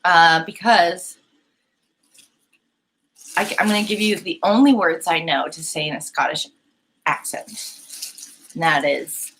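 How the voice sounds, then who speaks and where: A woman's voice: fairly low pitch, measured pace, long pauses, fairly bright tone, slight background noise, poor audio. A young woman hosting a painting live stream, chatting casually and giggling as she talks to her chat. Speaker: painting livestream host.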